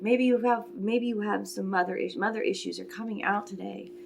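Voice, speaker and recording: Woman, forties, oracle reader; soft, meandering delivery, gravelly edge, faint background noise. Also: mid-range voice, steady tone, a little fast. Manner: soft, emotional and meandering, with sighs and brief whispers. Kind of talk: spiritual reading monologue.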